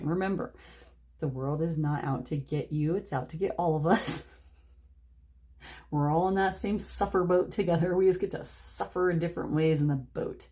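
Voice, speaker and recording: A woman's voice: deep voice, mellow. A woman giving a casual pick-a-card tarot reading, rambling and chatty, laughing often. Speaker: tarot reader.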